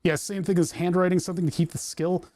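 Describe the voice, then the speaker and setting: Flat in delivery but quick in pace, a man's high, mellow voice comes through a dry lapel-mic recording as he tinkers indoors. He's a maker streaming a workshop project, hiccuping while he chats casually, rambling and self-amused.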